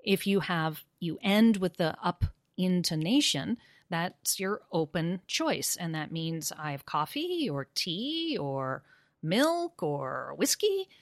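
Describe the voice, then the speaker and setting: A woman explaining pronunciation teaching, acting out example phrases with rising and falling intonation, animated and laughing easily. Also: fairly low pitch, takes it slowly, dry recording, clean studio sound. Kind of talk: conversational discussion about teaching.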